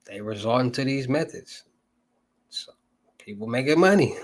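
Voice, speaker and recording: A man's voice: medium pitch, lively intonation, normal speed, no room sound. Young southern guy rambling to his stream chat, slangy, dry close mic. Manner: loose, rambling, slangy, asks chat for topics. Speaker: livestream host. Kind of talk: casual livestream talk to chat.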